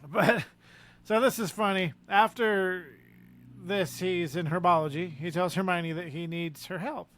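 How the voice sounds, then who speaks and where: A man co-hosting a podcast, chatting casually about a book with quick asides and easy laughter. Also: high voice, a bit bright. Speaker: podcast co-host. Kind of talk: casual book discussion chat.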